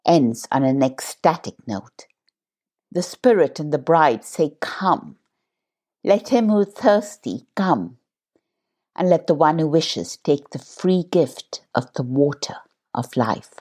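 Female meditation host: very low, husky voice, unhurried and calm guidance. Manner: slow, calm, measured delivery. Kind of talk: guided Christian meditation.

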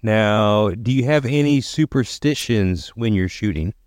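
A man's voice: on the low side, animated, a little slow, a little mellow, no echo, clean studio sound. A man hosting a podcast interview, asking questions in a laid-back way. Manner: laid-back interviewer with short backchannel replies. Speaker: podcast host. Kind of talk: casual interview.

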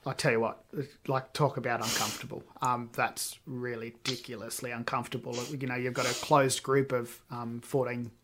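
A man's voice: medium pitch, flat delivery, moderate pace, a bit bright. Male podcast host, rambling casual storyteller. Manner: rambling storyteller, many ums. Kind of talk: casual interview chat.

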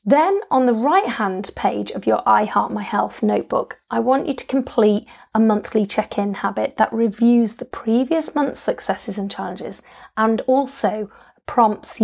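A woman's voice: medium pitch, vocal fry, a little mellow. A woman hosting a solo health coaching podcast, talking listeners through steps in an upbeat, chatty way with frequent ums.

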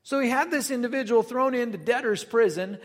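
A man's voice: very high-pitched, brisk, big-room sound. A man reading scripture aloud and then explaining it in loose, conversational asides, like a casual Bible study teacher.

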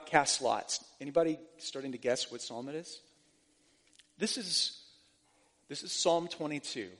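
A man's voice: high voice, a bit bright. A male pastor preaching a sermon to his congregation, asking them questions and building to fervent emphasis, often restarting his words. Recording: long hall reverb.

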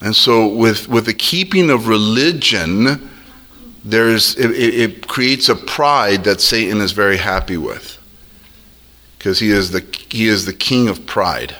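A man preaching a sermon as a pastor, drawing out his words and dropping his voice low when he quotes others. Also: expressive, a little slow, bright, forceful tone. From Arab heritage.

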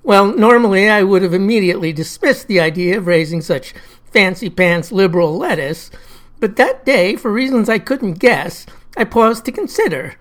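A woman's voice: medium pitch, expressive, moderate pace. A woman narrating a comic first-person story with folksy, old-timey phrasing.

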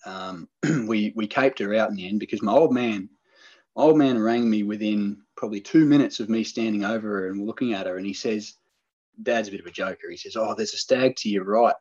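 Middle-aged man, low husky voice, animated storyteller, muffled recording. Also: brisk. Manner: animated, excited storyteller, acts out quoted lines. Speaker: podcast guest telling a hunting story. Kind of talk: casual storytelling chat.

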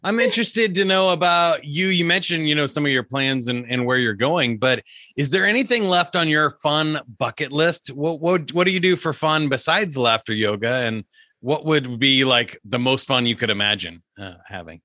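A man's voice: fairly high pitch, expressive, moderate pace, sharp tone, no room sound, studio quality. A man hosting a casual podcast interview, speaking in a friendly, encouraging way. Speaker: podcast host.

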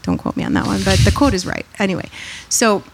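A woman guest on a podcast, talking in a reflective, conversational way and growing animated when she tells stories. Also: medium pitch, quick pace, vocal fry, background noise. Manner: reflective, animated when telling stories, acts out quoted voices. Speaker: podcast guest, author and speaker. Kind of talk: conversational storytelling interview.

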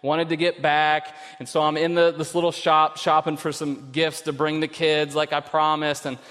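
A middle-aged male pastor preaching a sermon, telling a story and then pressing his point with loud emphasis. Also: a little high, monotone, normal speed. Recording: long reverb of a large hall.

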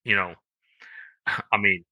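A man co-hosting a podcast in casual chat, halting and full of "you know" fillers. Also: lowish voice, steady tone, sharp tone, no room sound. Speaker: podcast co-host.

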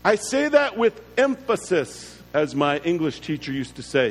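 A man preaching a sermon in a bright, high voice, leaning hard on key words with slow emphasis. His voice rings with a long reverb, and faint music sits behind him. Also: big pitch swings. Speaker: pastor. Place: church.

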